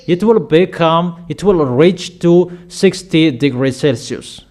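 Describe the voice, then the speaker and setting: A man preaching a sermon in slow, emphatic prophetic declarations. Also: a little high, darkish tone.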